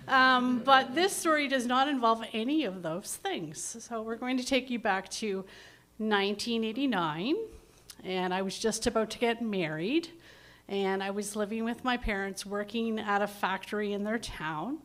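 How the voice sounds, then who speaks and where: A woman's voice: fairly high pitch, moderate pace. Chatty woman telling a story onstage. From Ontario, Canada. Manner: chatty, self-deprecating, animated. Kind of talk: live storytelling at an open mic.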